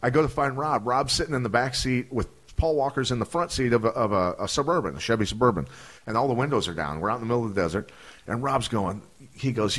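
Animated man telling stories. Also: medium pitch, fast talker. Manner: animated storyteller acting out voices, profane. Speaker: podcast guest, retired fighter. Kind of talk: casual storytelling.

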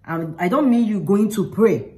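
A woman's voice: mid-range voice, expressive, normal speed, darkish tone, rough recording. A woman talking straight to the camera, giving earnest, informal faith advice and repeating herself for emphasis. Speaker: faith vlogger.

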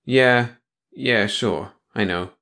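A man voicing a gruff, world-weary male prison official in an audiobook reading, talking in a tired, growling way. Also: mid-range voice, very slow, fairly bright tone, full character voice.

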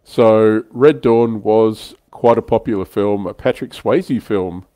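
Brief: older male host, low-pitched, chatty and self-mocking, dry mic. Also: slow pace, dark tone, no room sound. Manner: chatty, self-deprecating, laughs often. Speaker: livestream host. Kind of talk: casual livestream chat.

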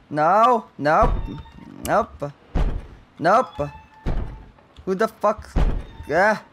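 Young guy doing a horror game let's play, kinda high voice, slow nervous muttering, swears a ton. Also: a bit bright, a little hiss or hum. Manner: jumpy, swears constantly, nervous self-talk. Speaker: gaming channel host.

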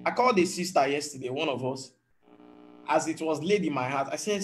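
A man's voice: a little high, expressive, fairly quick, soft background music. A man, preaching a sermon as a pastor in an earnest teaching tone and acting out voices of people he quotes. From Nigeria.

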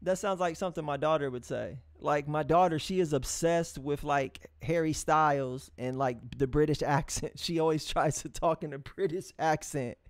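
A man with a high-pitched voice hosts a live music review stream, chatting casually with his audience. He talks in a loose, encouraging way, full of slang, restarts and hummed pauses. The sound is dry and close. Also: no echo. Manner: loose, repetitive, restarts and drawn-out hums; encouraging, street-casual address to viewers. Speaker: livestream music review host.

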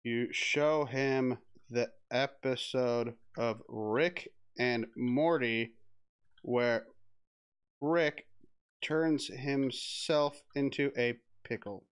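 A man's voice: medium pitch, very slow, clear, resonant tone. A man streaming a text adventure game, reading the game text aloud with giggles, swearing and restarts. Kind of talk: casual let's-play commentary, reading game text aloud.

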